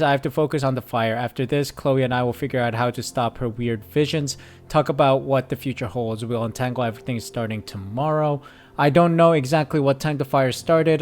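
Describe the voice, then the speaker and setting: A man gives relaxed let's-play commentary at an ordinary middle pitch, chatting and reading game lines aloud. Keyboard clicks can be heard behind him. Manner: casual, chatty, reads game text aloud. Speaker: gaming YouTuber.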